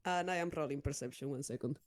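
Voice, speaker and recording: A woman's voice: sits low, quick pace. A woman playing a tabletop game, giggly, narrating her character's actions. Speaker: player. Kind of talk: tabletop role-play chat.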